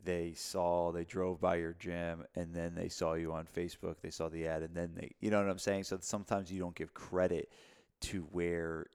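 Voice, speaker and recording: A man's voice: low voice, little pitch movement, moderate pace, a little mellow, smooth. A man co-hosting a podcast about running gyms, talking casually and rambling with lots of fillers and restarts. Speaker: podcast co-host, gym owner and mentor.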